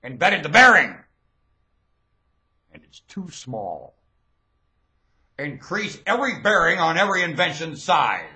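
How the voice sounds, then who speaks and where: Man ranting loudly into a webcam. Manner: preachy, swings from low muttering to loud shouting. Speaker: webcam vlogger. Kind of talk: rambling monologue rant.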